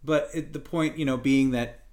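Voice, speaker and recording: Guy chatting casually, middle pitch, teasing and asking questions. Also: fairly even intonation, normal speed, darkish tone. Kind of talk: casual podcast chat.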